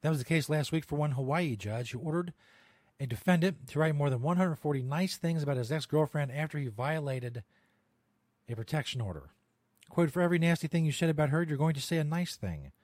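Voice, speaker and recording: A man's voice: fairly high pitch, animated, fairly quick, a little mellow, no echo, clean studio sound. A man hosting a podcast, chatting casually as he reads odd news stories, laughing often, swearing and trailing off into rambling asides. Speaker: podcast host.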